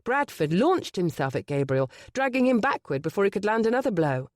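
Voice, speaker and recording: Brief: male audiobook narrator, animated delivery, dry studio read. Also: sits high, fairly quick, no echo. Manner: expressive storytelling. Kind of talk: scripted narration.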